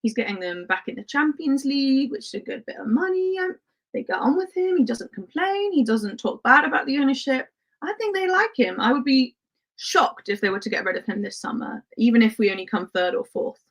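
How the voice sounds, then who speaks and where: A woman's voice: high voice, big pitch swings, a little fast. A woman who grew up in Spain hosts a casual livestream, reading viewer comments in a chatty way and laughing often, with lots of "um" and "like". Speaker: livestream host.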